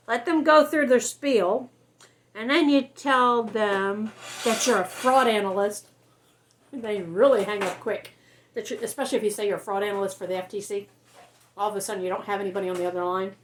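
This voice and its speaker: A woman's voice: a little high, moderate pace, long pauses, a bit bright. A woman vlogger giving casual advice to camera, chatty, laughing often and acting out her phone replies.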